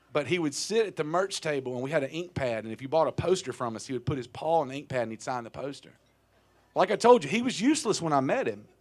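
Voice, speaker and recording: A man in his thirties telling a wry, profane story onstage between songs at a small live music venue, into a stage vocal mic. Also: a little high. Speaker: touring singer-songwriter telling a story on stage.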